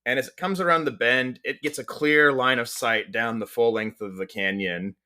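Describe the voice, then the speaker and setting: A man's voice: medium pitch, fairly even intonation, moderate pace, sharp tone. A man acting as game master, describing the scene at length with lots of restarts and fillers. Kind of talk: narrating a tabletop game.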